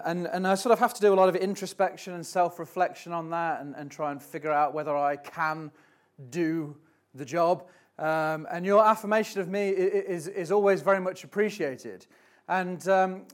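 Young man, assistant pastor, church notices, halting and chatty, slightly raised voice. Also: fairly high pitch. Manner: halting and conversational, with frequent restarts. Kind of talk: church notices and thanks from the front.

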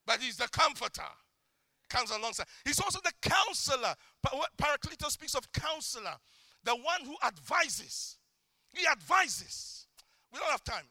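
A middle-aged male preacher delivering an impassioned sermon, swinging between shouted declarations and quiet, intimate asides. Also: very high-pitched, very animated, normal speed, no room sound.

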